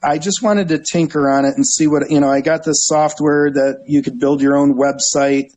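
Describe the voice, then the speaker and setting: A middle-aged man from Northeast Ohio, a guest telling lively stories in a casual interview and acting out the people in them. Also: fairly high pitch, moderate pace, rough recording. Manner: animated storyteller, acts out voices, laughs often. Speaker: guest, travel website owner.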